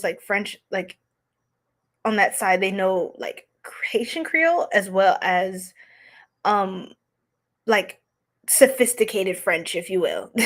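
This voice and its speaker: A young woman hosting a casual livestream, chatty and giggly, telling stories quickly with lots of fillers. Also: medium pitch, a bit bright. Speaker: psychic reader and livestream host.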